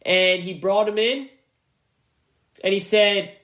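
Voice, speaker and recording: A man's voice: high voice, steady tone, slow pace, long pauses, fairly bright tone, reverberant. A man hosting a solo sports podcast, talking casually and stressing his points by repeating them. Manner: casual and conversational, with slang. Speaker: podcast host.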